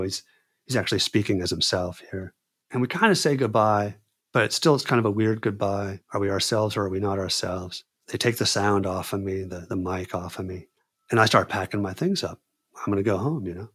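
A man telling a personal story, acting out his own panicked words in a raised voice. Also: slightly rough. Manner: animated, acts out panicked quotes in a high voice. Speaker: storyteller guest. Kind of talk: casual spoken storytelling.

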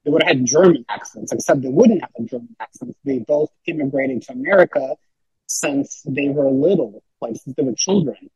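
Husky-voiced man rambling in casual chat. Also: medium pitch, moderate pace, darkish tone, no echo, poor audio. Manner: rambling, many fillers and restarts. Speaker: podcast guest.

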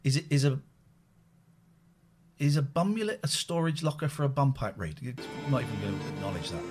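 A man's voice: medium pitch, lively intonation, a little fast, music in the background. A man co-hosting a podcast, chatting casually and joking while fiddling with a voice app. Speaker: podcast co-host. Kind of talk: casual chat.

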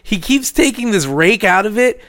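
High-voiced profane storyteller man. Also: moderate pace, no room sound. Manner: profane, animated, acts out others in a lower voice. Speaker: podcast co-host telling a story. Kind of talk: casual storytelling chat.

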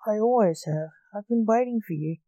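A woman reading a storybook aloud, voicing the timekeeper, a knowing, calm older male uncle. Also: mid-range voice, moderate pace, no room sound, natural voice.

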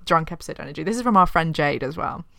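A woman's voice: sits low, expressive, fast, creaky, very noisy. A young woman co-hosting a podcast in casual chat, emphatic and reassuring, laughing easily. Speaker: podcast co-host.

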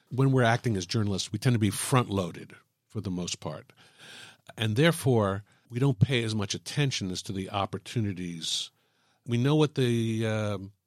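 A man with a low voice explains writing craft in a thoughtful, example-filled way. The sound is dry and close, with no room around it. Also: dry recording. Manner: thoughtful, illustrates points with examples and jokes. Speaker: writing teacher. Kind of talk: explaining on a podcast.

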